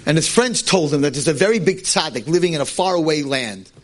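Male teacher telling a story; emphatic, lively, slightly high. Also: brisk. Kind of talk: storytelling lecture.

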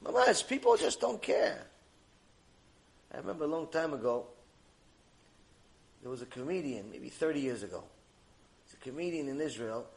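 A middle-aged man teaching a mussar lecture, animated and rebuking, acting out mocking bits of dialogue. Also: a little high, normal speed, gravelly, long pauses. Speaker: Torah teacher.

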